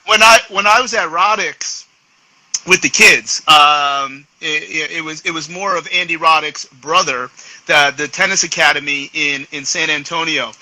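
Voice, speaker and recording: A middle-aged man with a New York accent hosting a casual live chat, talking haltingly with many restarts and slipping into Spanish. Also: a little high, sharp tone, dry recording, rough recording. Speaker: host.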